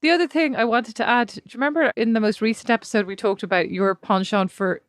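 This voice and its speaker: A woman's voice: fairly high pitch, fast, no room sound, studio quality. An Irish woman co-hosting a podcast, playful and teasing, reading listener messages aloud. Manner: playful, teasing, laughs easily. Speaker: podcast co-host.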